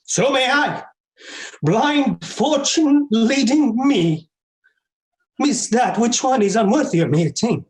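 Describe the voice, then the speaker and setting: A proud warrior prince boasts in a grand, declaiming style, breaking into loud shouts. The voice sits very high for a man and swings widely. It comes over a video call with a roomy echo. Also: expressive, slow pace, full character voice. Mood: boastful. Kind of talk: Shakespeare stage acting over video call.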